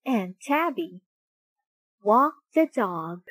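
A woman slowly and expressively reading a children's picture book aloud. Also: a little high, no echo, rough recording. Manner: slow, expressive, deliberate. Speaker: storybook reader.

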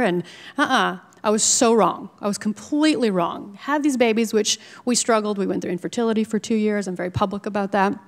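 A woman's voice: fairly high pitch, fairly quick. Woman telling her story in a hall. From Minnesota. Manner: lively storytelling with laughs and asides. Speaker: TV news anchor speaking at a startup event. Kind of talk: personal story talk to an audience. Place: event venue. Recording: live talk with long hall reverb.

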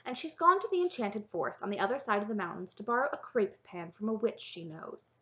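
A practical, unconventional young princess who speaks firmly and with authority, as a woman narrator puts her on. The recording is a little dull and muffled, her pitch in a middle range. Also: sing-song, brisk, fairly bright tone. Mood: firm, matter-of-fact. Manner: firm and matter-of-fact.

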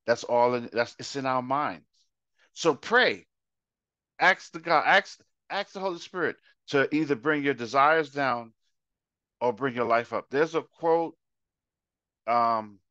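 A man's voice: medium pitch, pushed and bright, no room sound, highs cut off. A man teaching a Bible study in a conversational sermon style, acting out everyday examples and repeating phrases to make his point. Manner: illustrates with acted-out examples and repetition.

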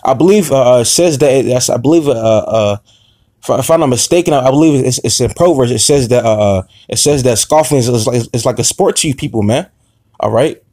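A man preaching an informal sermon, halting with many fillers and restarts, confrontational and profane. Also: mid-range voice, warm tone, dry recording, clean studio sound.

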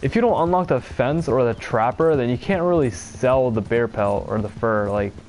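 A man's voice: mid-range voice, animated, moderate pace, a little mellow, slight background noise. A young man from Pennsylvania talking casually and profanely over a video game he is playing, often exasperated and rambling. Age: young adult. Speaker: streamer. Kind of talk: casual gameplay commentary.

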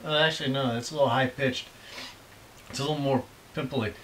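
This man talks fairly quickly in a medium pitch, his intonation fairly even and his tone a bit bright. The recording is rough, with slight background noise. A middle-aged dad from the United States, he hosts a casual snack-tasting video full of rambling, teasing and dry jokes.

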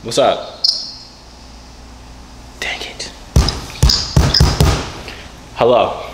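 A man's voice: mid-range voice, very slow, in a whisper. A man in his twenties joking and teasing strangers in a casual video chat. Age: 20s. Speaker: vlogger. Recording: echoey with loud noise.

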